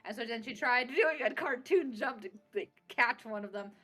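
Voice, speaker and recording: A woman's voice: on the high side, animated, moderate pace, bright, forceful tone. A young woman recapping a tabletop game session, bubbly and laughing as she acts out bits of dialogue. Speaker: player recapping a tabletop campaign. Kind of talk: casual recap chat.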